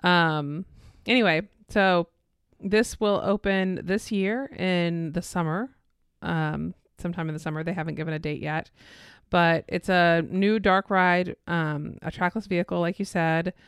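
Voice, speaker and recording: A woman's voice: on the low side, fairly even intonation, unhurried, clean tone, no echo, clean studio sound. A woman co-hosting a casual chat show, chatty and prone to losing her words and laughing. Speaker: podcast co-host. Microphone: looking at her phone while talking.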